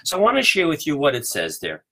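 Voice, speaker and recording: Male preacher, slightly higher voice, emphatic, teaching sermon with slowed key words. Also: wildly swooping pitch, bright, forceful tone. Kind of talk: sermon on Hanukkah mysticism.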